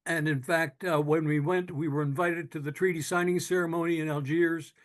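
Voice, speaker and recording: An older man tells his story in an earnest, unhurried way. His voice sits a little high for a man, and he often stops to restart a phrase. He gets moved as he goes on. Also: steady tone. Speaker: speaker telling his own story. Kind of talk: personal storytelling talk.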